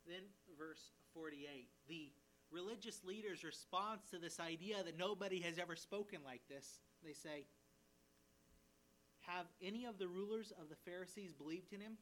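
A man as a pastor, teaching a sermon verse by verse with lively emphasis and paraphrased quotes. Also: high-pitched, normal speed, a little hiss or hum.

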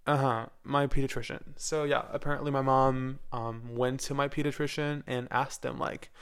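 A man's voice: mid-range voice, steady tone, moderate pace, fairly bright tone, smooth. A man in his twenties talking casually on his own podcast, rambling and candid, with lots of fillers and the odd swear word. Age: 20s. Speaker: podcast host; university music student. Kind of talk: casual solo podcast chat.

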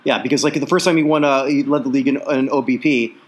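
A man's voice: mid-range voice, steady tone, quick pace. A man co-hosting a casual sports podcast, reeling off statistics with plenty of fillers. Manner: reels off statistics, filler-heavy. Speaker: podcast co-host.

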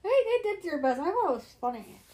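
A woman in casual chat, telling stories in an animated way and laughing often. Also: extremely high pitch, brisk. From United States.

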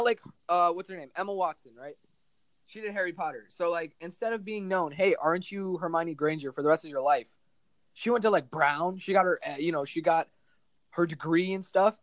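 A young man from New Jersey chatting casually as a podcast guest, telling animated stories full of acted-out quotes. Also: high voice, no echo. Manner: animated, exaggerated storytelling with mock quotes. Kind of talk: casual chat.

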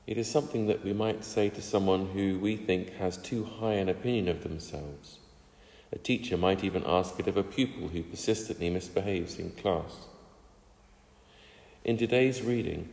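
A man giving a Bible reading and devotional reflection, measured and earnest. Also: sits low, darkish tone. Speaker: preacher. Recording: echoey room with long reverb.

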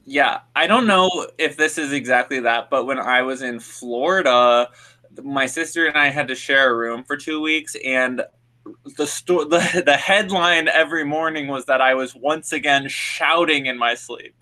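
A young man with a bright, forceful voice co-hosts a casual podcast chat. He tells long stories full of filler words and restarts, circling back on himself as he goes. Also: mid-range voice, normal speed. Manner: rambling storyteller with many fillers and restarts. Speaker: podcast co-host.

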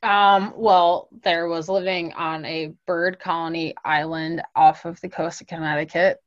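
A woman guest telling stories in a casual interview, animated and rambling, laughing as she goes. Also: fairly low pitch, a little slow, no echo. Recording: dull lo-fi dry recording.

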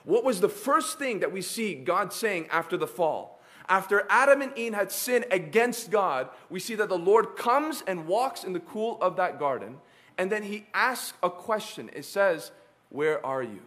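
A man delivers a sermon in a high, ringing voice. He speaks emphatically and builds through repetition. He leaves long dramatic pauses between the lines. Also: animated, fairly bright tone. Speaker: preacher.

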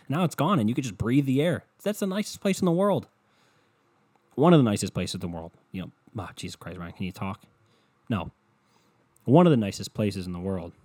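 A man's voice: mid-range voice, animated, fairly quick, dark tone, no room sound. A man hosting a solo podcast, ranting in a scatterbrained, profane way from a hot indoor room. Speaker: podcast host.

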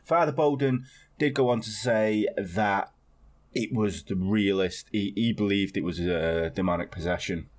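A man with a fairly low voice tells a story in a loose, rambling podcast chat. He is wry and offhand, dropping the odd swear word. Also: a little slow. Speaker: podcast co-host. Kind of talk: casual chat.

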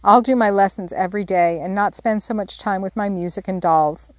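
A woman reading a shy, tender-hearted young girl who speaks softly and sighingly. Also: medium pitch, brisk, dry recording, lightly acted. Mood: sorrowful. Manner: soft and sighing.

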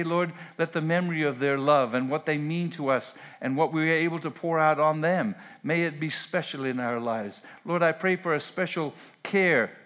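Pentecostal-style pastor, male, slightly high voice, earnest, builds to emphatic repeated lines in a sermon. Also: a bit bright. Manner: earnest, rising to emphatic preaching with repeated phrases.

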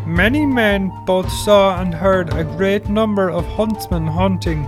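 A man putting on a solemn old-timey voice as a chronicle reader, with slow, halting, oddly phrased delivery. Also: high-pitched, pitched above the performer's own voice. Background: guitar music.

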